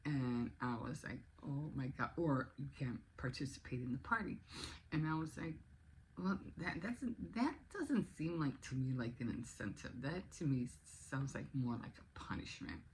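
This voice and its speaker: Woman, 60s, rambling vlog chat, gravelly creak, light background hiss. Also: extremely low pitch, lively intonation, normal speed, rough recording. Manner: rambling, chatty, with frequent restarts and laughs. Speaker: vlogger. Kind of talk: casual chat.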